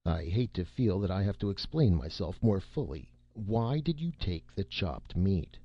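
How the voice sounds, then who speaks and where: A man voicing a firm, patient businessman father who questions his son in measured tones. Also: deep voice, big pitch swings, husky, dry recording, highs cut off, exaggerated voice. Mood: stern.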